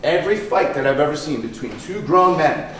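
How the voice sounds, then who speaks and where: A man's voice: fairly high pitch, expressive, fairly quick, fairly bright tone. Man, martial arts instructor, conference demo talk, repeats himself, echoey room, faint background noise. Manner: conversational, lots of "right?" check-ins, repeats words. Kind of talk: conference presentation with live demonstration. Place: conference hall. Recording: echoey hall, voice picked up from a distance.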